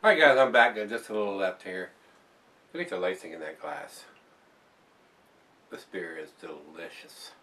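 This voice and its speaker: A man's voice: sits low, very animated, moderate pace, long pauses, pushed and bright, recorded from a distance, slight background noise. A man casually reviewing a beer for viewers, rambling and repeating words as he talks.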